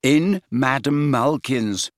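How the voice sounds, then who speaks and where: A man's voice: medium pitch, slow pace, no room sound, studio quality, voice pushed up, lightly acted. A man voicing a stubborn teenage boy insisting on his suspicions. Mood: insistent.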